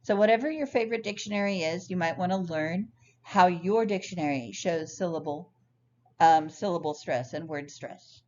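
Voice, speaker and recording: Female ESL teacher, lower-pitched, deliberate and clear, on a slightly muffled recording. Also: a little mellow, a little hiss or hum. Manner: slow, clear teaching delivery with careful word examples. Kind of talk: recorded lesson.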